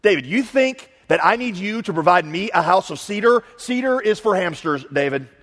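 A man's voice: sits high, lively intonation, moderate pace, a bit bright. A man preaching who voices God as a playful, mock-scolding character in a reverberant hall. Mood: teasing. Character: God as a teasing, playful male voice.

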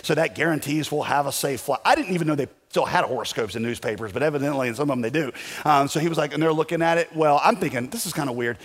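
A man's voice: a little high, fast, long reverb tail. A male pastor telling a personal story in a casual, self-deprecating sermon style.

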